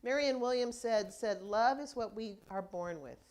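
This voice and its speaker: A woman's voice: on the high side, moderate pace, darkish tone. A woman minister preaching a conversational sermon, telling stories and acting out people's reactions as she goes.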